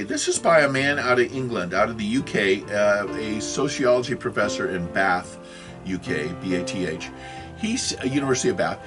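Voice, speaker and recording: A man in his sixties giving a rambling video lecture, often losing his thread and apologizing. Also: medium pitch. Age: 60s. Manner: rambling, self-correcting, apologetic asides. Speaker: religious video teacher.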